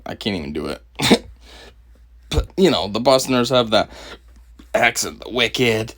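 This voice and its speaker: A young man from Connecticut doing a mocking reaction commentary over a video, laughing often and pausing the clip to remark on it. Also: on the low side, big pitch swings. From Connecticut, USA. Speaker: commentary host.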